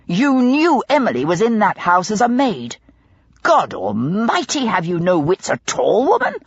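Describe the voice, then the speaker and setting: A woman voicing a stern, hot-tempered male police inspector who speaks gruffly through clenched teeth. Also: on the high side, very animated, measured pace, fairly bright tone, no echo, highs cut off, pitched below the performer's own voice, heavily acted. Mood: furious. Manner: gruff and clipped, ground out between teeth.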